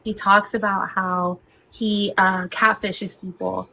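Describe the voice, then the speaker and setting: A woman's voice: medium pitch, level tone, slow, vocal fry, sharp tone, a little hiss or hum. A woman hosting a casual interview over a laptop video call, telling stories in a bubbly, giggly way. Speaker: host.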